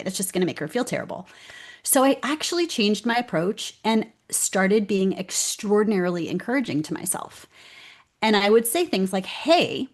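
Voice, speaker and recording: Earnest woman guest, animated storyteller, mid-range voice. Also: medium pitch. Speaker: guest speaker. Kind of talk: conversational interview.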